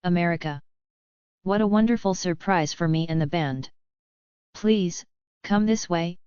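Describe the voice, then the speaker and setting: German vampire huntress, hospitable, a woman reads her in a smooth lowish voice. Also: measured pace, mellow, no echo, lightly acted. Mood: welcoming. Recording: dull lo-fi dry audiobook recording.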